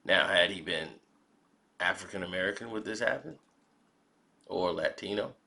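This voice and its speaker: A man giving spoken commentary in a measured, reflective way, often posing rhetorical questions. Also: low-pitched, vocal fry, pushed and bright. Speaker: commentary vlogger.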